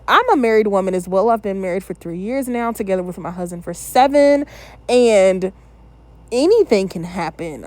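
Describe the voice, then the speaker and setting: A woman in her thirties talks straight to her audience as host of her own channel. She reacts casually and candidly and drifts into opinionated asides. Her voice sits at an ordinary middle pitch. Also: a little mellow. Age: 30s.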